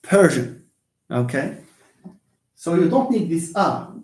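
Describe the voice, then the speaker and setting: A man giving a live online English lesson, hesitant with many fillers and restarts, lively when stressing examples. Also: mid-range voice, normal speed, slight background noise. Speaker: English lecturer. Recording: echoey room.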